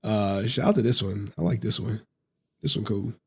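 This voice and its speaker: A man in his thirties hosting a casual live stream, talking in slang, laughing often and telling stories in an animated way. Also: lowish voice, moderate pace, breathy edge. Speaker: streamer host.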